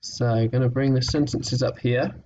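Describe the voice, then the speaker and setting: A man teaching a recorded phonics lesson to young children, encouraging and patient, sounding words out slowly. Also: mid-range voice, steady tone, a little mellow, recorded from a distance, lo-fi sound, a little hiss or hum.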